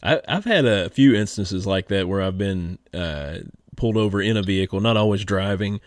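A man's voice: sits low, normal speed, no echo. A man hosting a podcast, telling stories in a laid-back way and laughing often. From Kentucky. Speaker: podcast host. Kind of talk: casual podcast chat.

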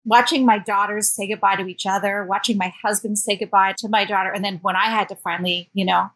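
A woman author, a guest on a talk show, tells her own story with open feeling. Her speech is expressive and lively. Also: medium pitch, fast, hardly any pauses, rough recording. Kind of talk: interview storytelling.

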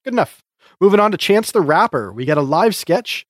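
A man's voice: high-pitched, sing-song, fairly quick, no room sound, studio quality. A man co-hosting a casual podcast, reviewing comedy sketches in a chatty, hesitant way with frequent restarts.

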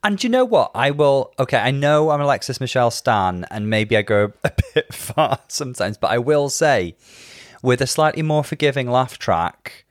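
A man's voice: medium pitch, big pitch swings, moderate pace, no room sound, studio quality. A man co-hosting a podcast in casual chat, giggling and gushing like a fan. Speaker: podcast co-host.

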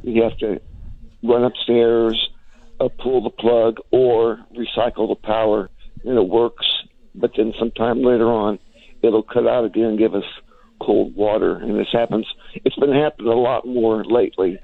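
Male caller, gravelly voice, phone-line sound, matter-of-fact. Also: fairly low pitch, steady tone, moderate pace, no echo. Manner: plain, matter-of-fact questions. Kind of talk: phone-in question.

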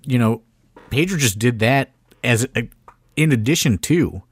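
A man's voice: mid-range voice, expressive, measured pace, husky, no echo, studio quality. A man co-hosting a podcast, telling backstage stories in a rambling casual way, full of fillers and some swearing. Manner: rambling, filler-heavy storytelling with mild swearing. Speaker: podcast co-host, wrestling promoter. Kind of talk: casual chat.

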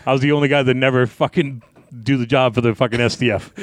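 A man, a wrestling guest, telling a story in casual talk, cursing freely and acting out his shouting. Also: medium pitch, brisk, dry recording, studio quality. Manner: profane, animated, acts out yelling.

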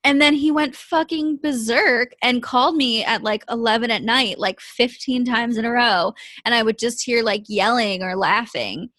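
A woman's voice: fairly high pitch, normal speed, few pauses, fairly bright tone, no room sound. A woman co-hosting a casual chat, candidly telling a personal story with plenty of swearing. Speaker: podcast co-host.

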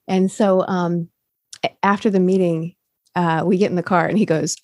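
A woman's voice: fairly low pitch, fairly even intonation, moderate pace, darkish tone, dry recording. Woman rambling through her recovery story, lots of ums and restarts, dry close sound. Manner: candid, rambling, many fillers and restarts. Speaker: recovery coach.

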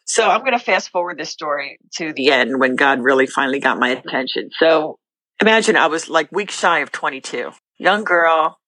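Bright-voiced middle-aged woman, earnest. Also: low-pitched, lively intonation, no room sound, low-quality recording. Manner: earnest, faith-filled, talks in quick bursts with restarts. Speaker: podcast guest. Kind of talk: candid personal testimony.

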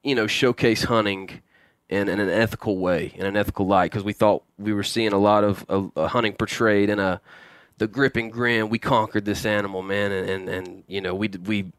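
A man talking as a podcast guest, halting and restarting often as he tells a story. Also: fairly low pitch, fairly even intonation, clean tone, no room sound, studio quality. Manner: halting, many restarts and repeated words. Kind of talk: casual storytelling in a podcast interview.

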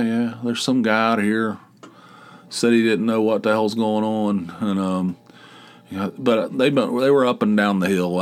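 Man, podcast host, lowish voice, rambling casual storytelling, acts out a neighbor's lines. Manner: rambling, animated, swears, acts out neighbor dialogue.

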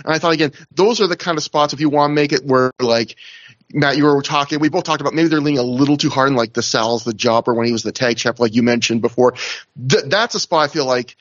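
A man's voice: medium pitch, a bit bright, no echo, dull audio. A man co-hosting a wrestling history podcast, chatting casually with mock-outraged banter. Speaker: podcast co-host.

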